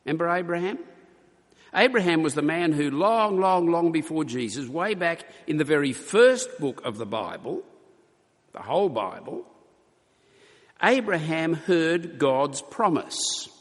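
A man preaching a sermon to his congregation, earnest and emphatic, slowing for weight and stumbling over restarts now and then. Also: fairly high pitch, big pitch swings. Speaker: pastor. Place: church. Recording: long hall reverb.

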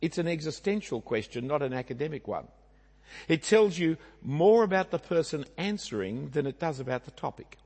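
Australian male preacher, husky, conversational sermon in a reverberant church hall. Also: on the high side, sing-song, normal speed, a little mellow. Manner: conversational, rhetorical asides and tag questions.

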